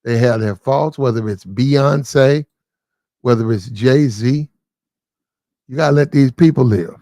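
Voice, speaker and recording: A man's voice: mid-range voice, slow, dark tone, no echo, clean studio sound. A man hosting casual opinion commentary, preachy and repetitive, talking straight to the people he discusses. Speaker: commentary channel host.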